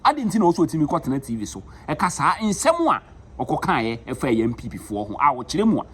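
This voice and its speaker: A man's voice: fairly high pitch, big pitch swings, brisk, fairly bright tone, breathy edge. A Ghanaian man with a Ghanaian accent hosting a news update, mixing Twi with English words. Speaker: news show host.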